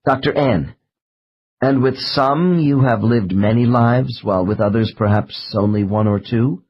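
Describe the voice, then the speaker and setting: A man narrating an audiobook in a measured, slow reading of case transcripts. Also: medium pitch, breathy edge, lo-fi sound. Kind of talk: scripted narration.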